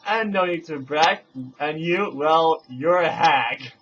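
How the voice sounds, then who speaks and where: A man's voice: a little high, slow, a bit bright, breathy edge, full character voice. A man voicing two rival female fairy guides who trade rhyming insults in a singsong voice. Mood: bickering. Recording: dull lo-fi home recording.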